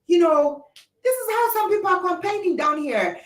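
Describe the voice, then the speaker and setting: A woman's voice: high voice, expressive, normal speed. A young adult woman hosting a livestream, giving an impassioned opinion talk and reading out viewer comments, with emphatic, repetitive rhetorical phrasing. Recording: roomy, distant mic.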